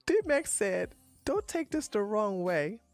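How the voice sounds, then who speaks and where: Lively blunt woman streamer. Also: mid-range voice, measured pace, faint music behind. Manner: blunt, profane, animated. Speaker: commentary streamer. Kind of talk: casual livestream commentary.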